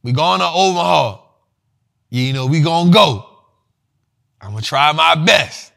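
Man, livestream host, slangy and animated, forceful bright tone, slightly high voice. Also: measured pace, vocal fry. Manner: slangy, animated, repeats himself. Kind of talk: livestream finance talk.

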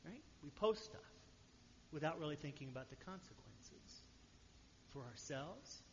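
A man's voice: a little high, animated, unhurried, noisy background. A man preaching a sermon to his church congregation, talking to them conversationally and often asking "right?". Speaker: pastor. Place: church sanctuary. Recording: dull sound with long hall reverb.

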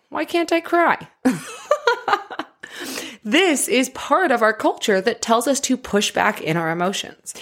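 A woman life coach giving a motivational talk in an animated way, laughing often. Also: mid-range voice.

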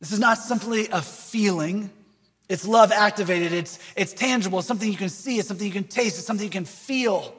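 A man's voice: high-pitched, a little fast, a bit bright, slightly rough, long reverb tail. A man preaching a sermon, earnest, with rhetorical questions and repeated phrases. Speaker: pastor.

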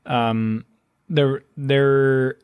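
A man co-hosting a casual film chat, speaking haltingly, with lots of fillers and restarts. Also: mid-range voice, fairly even intonation, smooth, lo-fi sound. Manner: hesitant, many fillers and restarts. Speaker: podcast co-host.

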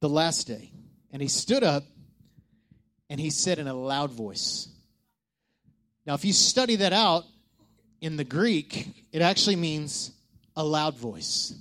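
Brief: male pastor, high voice, animated sermon delivery, hushed-to-loud swings, rhetorical questions. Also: takes it slowly, pauses often.

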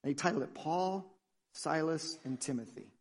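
A man preaching a sermon as pastor, energetic and jokey, with animated storytelling. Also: fairly high pitch, moderate pace, gravelly, slightly rough, big-room sound.

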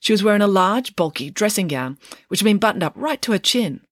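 A woman author reading her own children's book aloud in an expressive storyteller manner. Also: mid-range voice, fairly quick, no echo, clean studio sound. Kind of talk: audiobook narration.

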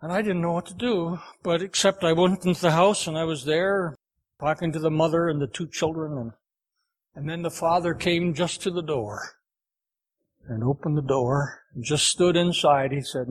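A man preaching a sermon, telling a folksy farm story in an unhurried, homespun way. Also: a little high.

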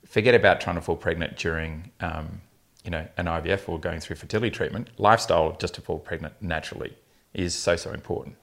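A man's voice: deep voice, fast talker, fairly bright tone. A man, a fertility specialist telling blunt, funny patient stories in a casual podcast chat. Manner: anecdotal, laughing often, blunt humour.

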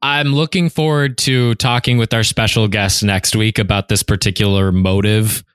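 A man co-hosting a podcast, discussing a book in casual, unhurried chat with some swearing. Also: lowish voice, steady tone, a bit bright, smooth, no echo, clean studio sound. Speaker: podcast co-host.

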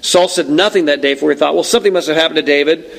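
A man's voice: fairly high pitch, very fast, vocal fry, low-quality recording. A male pastor preaching a conversational, emphatic sermon with frequent asides to the congregation.

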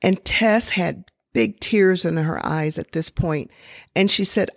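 A woman telling a true story in a slow, deliberate, expressive sermon style. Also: lowish voice, creaky, no echo, clean studio sound.

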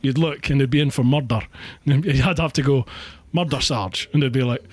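A man's voice: medium pitch, steady tone, quick pace, darkish tone, dry recording. A Scottish man hosting a casual chat over a call, chatty and self-deprecating, laughing often. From Scotland. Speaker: podcast host.

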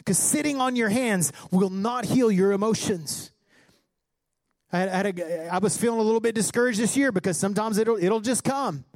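A male pastor preaching a sermon with passion, climbing toward shouts as he quotes scripture. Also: sits high, normal speed, dry recording. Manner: impassioned preaching, rising to near-shouts when quoting scripture.

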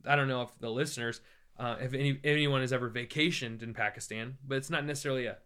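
American male evangelist, guest storyteller, bright tone, animated and humorous. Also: mid-range voice, fast, clear, resonant tone. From United States. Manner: animated, joking, acts out quoted voices. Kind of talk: conversational storytelling.

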